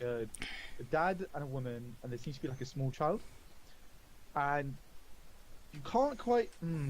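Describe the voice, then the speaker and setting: A man's voice: medium pitch, a little mellow, a little hiss or hum, low-quality recording. Laid-back man running a tabletop game. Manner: casual, hesitant, fillers, laughs often. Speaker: game master.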